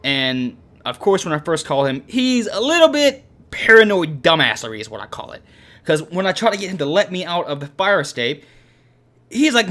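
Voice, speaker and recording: Young male host, profane and animated storyteller, slightly high voice. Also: normal speed. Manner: animated, profane, acts out his own quoted lines. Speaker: channel host. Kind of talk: casual storytelling.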